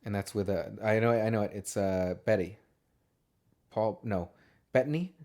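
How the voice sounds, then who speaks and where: A man co-hosts a casual movie podcast in a lowish, darkish voice at a moderate pace, rambling profanely and laughing often.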